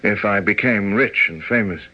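A man's voice: lowish voice, moderate pace, breathy edge. An actor playing a proud, moody young male painter who talks in brusque, commanding, impulsive bursts, in old-time radio acting. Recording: dull old radio recording.

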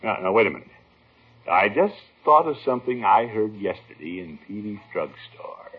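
A blustery, pompous uncle sputters and swings his voice all over, a bit husky and always on the edge of losing his temper. The old radio recording is dull and lo-fi. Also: lowish voice, very animated, moderate pace. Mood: blustering. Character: blustery pompous middle-aged uncle, easily flustered. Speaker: lead comic character. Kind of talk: 1940s radio comedy acting.

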